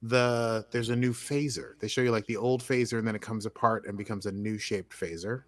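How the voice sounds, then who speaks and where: A man's voice: on the low side, fairly even intonation, a little fast, dry recording. An American man talking through a TV episode with a co-host, in an easygoing, rambling way. He keeps restarting his sentences and leans on fillers as he goes. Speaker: podcast co-host. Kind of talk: casual chat recapping a TV episode.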